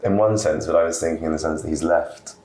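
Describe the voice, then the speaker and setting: Relaxed podcast host, male, very low and gravelly, recorded in a roomy space. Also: quick pace. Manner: relaxed, with fillers and soft laughs. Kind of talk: casual storytelling. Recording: roomy room with faint background noise.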